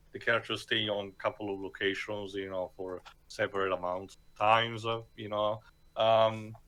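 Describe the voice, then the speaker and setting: A man with a lowish, bright, forceful voice talks through a show review. He often stops to search for words before pushing on. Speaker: podcast co-host. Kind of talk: casual review commentary.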